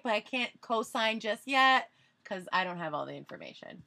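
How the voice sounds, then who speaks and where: A woman's voice: a little high, lively intonation, normal speed, gravelly, pushed and bright. A woman guest on a podcast, chatting casually, with lots of "like" fillers and an encouraging tone. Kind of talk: casual chat.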